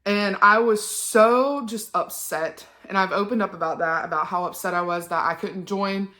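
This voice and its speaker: A woman's voice: medium pitch, normal speed, pushed and bright. A young woman, talking one-on-one to her phone camera in a personal vlog, chatty and emotional with many ums. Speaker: vlogger. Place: indoors at home on a couch.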